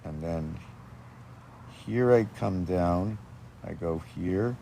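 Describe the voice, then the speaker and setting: Rambling low-voiced man. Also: takes it slowly, vocal fry, mellow, slight background noise. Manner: rambling, free-associating, talks to his dogs. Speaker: video maker. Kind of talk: rambling monologue. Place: outdoors with dogs.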